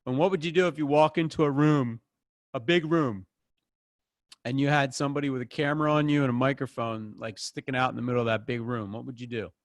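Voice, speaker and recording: Casual animated acting teacher, man. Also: medium pitch, brisk, no room sound. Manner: casual, animated, acts out quotes. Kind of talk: online acting class. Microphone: close microphone.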